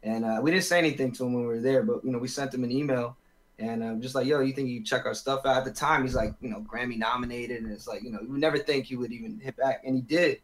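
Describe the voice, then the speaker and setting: A man's voice: medium pitch, fairly even intonation, fast, poor audio. Man, 30s, podcast guest, laid-back, rambling with fillers. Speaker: guest musician. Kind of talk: casual podcast chat.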